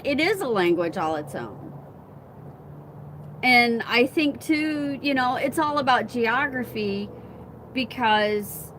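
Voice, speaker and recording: A woman's voice: on the high side, a bit bright, slight background noise. A woman from Southern Illinois with a faint accent there, chatting casually and telling stories as host. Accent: faint Southern Illinois, on certain words. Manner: chatty, storytelling, agreeable asides. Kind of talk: casual chat.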